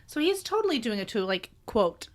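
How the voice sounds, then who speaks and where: A woman's voice: fairly high pitch, big pitch swings, a little fast. A woman co-hosting a podcast in casual chat, playful and self-mocking, laughing a lot. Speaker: podcast co-host.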